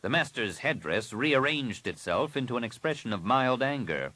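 A man narrating an audiobook in a steady, expressive reading. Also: medium pitch, moderate pace, hardly any pauses, poor audio.

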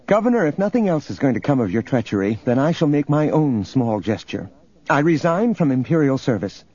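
A proud female officer, clipped and defiant, as a man reads her aloud. The voice is lifted above a male register and stays husky. The recording is dull and a little muffled. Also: mid-range voice, very animated, a little fast, dark tone, voice pushed up.

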